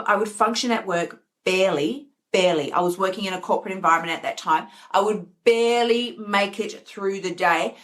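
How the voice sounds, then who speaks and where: A middle-aged woman hosting a self-help live stream, talking casually and animatedly and acting out the voices in her head. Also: medium pitch. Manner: animated, acts out inner voices. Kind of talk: casual motivational talk.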